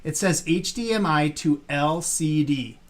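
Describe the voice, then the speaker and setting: A man's voice: fairly high pitch, unhurried. A man casually explaining arcade hardware on a live stream, rambling with fillers as he points things out.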